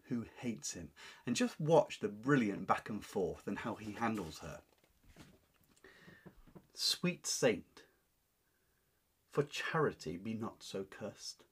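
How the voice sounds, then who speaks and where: A man's voice: medium pitch, breathy edge. A man teaching a lesson, explaining a play line by line in an emphatic, paraphrasing way. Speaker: literature teacher.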